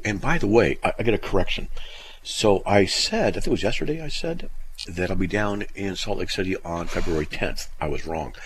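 A man's voice: low-pitched, a little hiss or hum. A middle-aged man hosting a radio show, telling rambling stories and laughing often. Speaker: radio host. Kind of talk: casual radio talk.

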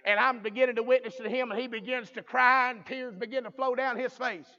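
A preacher man with a strikingly high voice tells his story at a revival. He moves from quiet storytelling into fervent, rising preaching. The recording sounds dull and muffled. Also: steady tone, a little fast. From American South.

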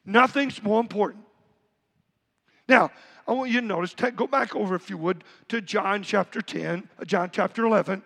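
A man's voice: sits high, brisk, gravelly, a bit bright. A pastor preaching a conversational sermon to his congregation, acting out everyday quotes as he goes. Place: church sanctuary. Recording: reverberant church hall.

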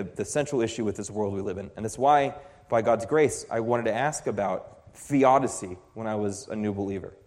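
A man preaching a sermon with passion, dropping low and quiet and then rising to loud, emphatic peaks. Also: in a large hall.

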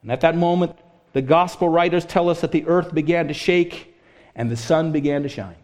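A man preaching a sermon, rising to loud impassioned stretches and then dropping to a hushed, prayerful voice. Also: a little high, moderate pace.

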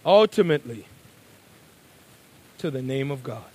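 A man preaching a sermon, moving between quiet, conversational asides and loud, emphatic declarations. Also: sits high, measured pace, pauses often, slightly rough, dry recording, poor audio.

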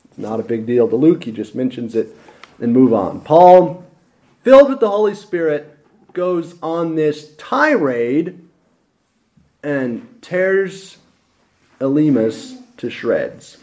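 A man preaching a lively expository sermon with dramatic emphasis. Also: a little high, takes it slowly, long pauses.

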